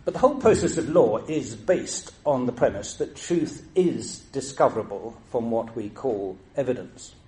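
An older Englishman, once a judge, delivers a lecture laced with stories. His delivery is measured and dry, with a self-mocking wit, at a middling pitch, over faint background noise. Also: animated, darkish tone. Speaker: former judge giving a talk. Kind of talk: lecture with anecdotes.

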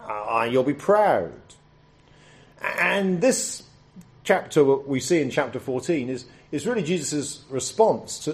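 A man in his fifties preaching a sermon. He reads scripture solemnly, prays quietly, then talks in a conversational way with restarts and fillers. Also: medium pitch. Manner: solemn scripture reading, hushed prayer.

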